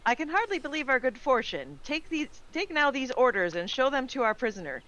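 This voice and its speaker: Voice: high voice, big pitch swings, fairly quick, pushed and bright, dull audio, heavily acted. A player reading a commander's orders from game quest text, with occasional stumbles. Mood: formal. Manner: formal quest dialogue read aloud with stumbles.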